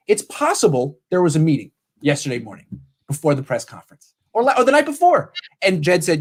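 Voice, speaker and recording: Animated man talking sports. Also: a little high, breathy edge. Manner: animated, quotes people in quick impressions. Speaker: podcast host. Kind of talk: casual sports talk.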